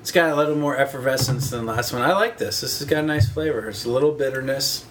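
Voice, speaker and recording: A man in a casual beer-tasting chat, jokey and rambling, quick to tease the others. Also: mid-range voice, a bit bright, a little hiss or hum.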